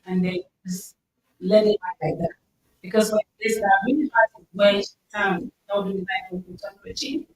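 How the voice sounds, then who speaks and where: A woman speaking earnestly and loudly to a mosque gathering, with an emphatic manner and a lot of repetition. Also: medium pitch, flat delivery, moderate pace. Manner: earnest, loud, emphatic, repeats herself. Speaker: community speaker. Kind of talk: informal talk to a mosque gathering. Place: mosque hall. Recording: echoey hall, distant mic, faint noise.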